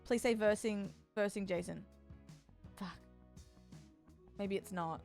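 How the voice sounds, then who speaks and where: A young woman streaming a game, chatty and excitable, breaking into frightened screams. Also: medium pitch, takes it slowly, vocal fry, soft background music. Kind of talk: casual live-stream chat while gaming.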